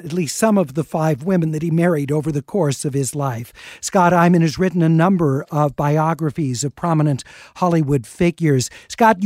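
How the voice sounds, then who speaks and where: A man hosting a radio film program, introducing clips and interviewing a guest in a measured, conversational way. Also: on the high side, darkish tone, no echo, clean studio sound. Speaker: radio talk show host.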